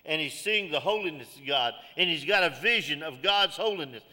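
A man's voice: fairly high pitch, animated, brisk, pushed and bright, long reverb tail. A middle-aged man, preaching a sermon in a church with folksy call-outs and jokes. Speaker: pastor.

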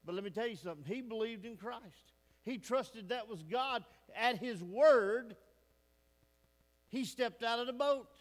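A male pastor delivers a folksy, emphatic sermon, often turning to the congregation with questions. His voice sits high and he takes his time with every phrase. The sound carries a long reverb from the church sanctuary. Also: measured pace.

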